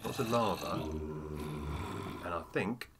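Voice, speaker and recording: Chatty gaming man with lively pitch. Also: takes it slowly, very noisy. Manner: chatty, given to "oh dear" asides. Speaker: gamer. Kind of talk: casual let's-play commentary.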